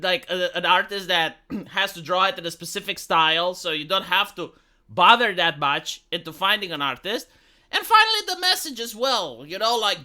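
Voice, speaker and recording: A man's voice: very high-pitched, bright, forceful tone. A man giving heated opinion commentary, emphatic and swearing freely.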